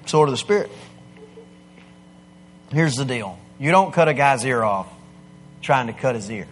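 A man preaching a sermon, swinging from quiet asides to loud, emphatic declarations. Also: medium pitch, expressive, a little slow, a little hiss or hum. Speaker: pastor.

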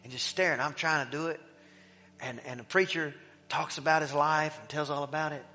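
A middle-aged man preaching in a church, telling a personal story in an animated way that swings between loud emphasis and hushed, quiet passages. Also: on the high side, a little fast. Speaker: pastor. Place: church sanctuary. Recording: long hall reverb with faint music.

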